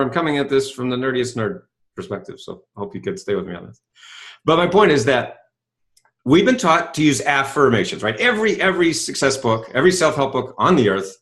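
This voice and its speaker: Animated middle-aged motivational speaker man. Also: mid-range voice. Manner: animated storytelling, acts out dialogue; asks rhetorical questions, says "right?" often. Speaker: self-help speaker. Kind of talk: motivational talk.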